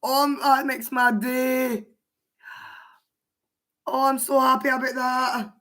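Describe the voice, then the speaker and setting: Hoarse Scottish woman chatting on a livestream. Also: high voice, flat delivery, slow, bright, forceful tone. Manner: chatty, answers viewers' chat aloud. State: hoarse, voice mostly gone. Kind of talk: casual livestream chat.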